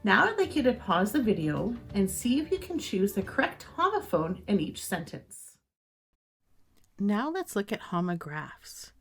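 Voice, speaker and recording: A woman teacher talks through a recorded grammar lesson in a lowish voice, reading out example sentences slowly and carefully. The sound is dry and close, with no room around it. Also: no echo.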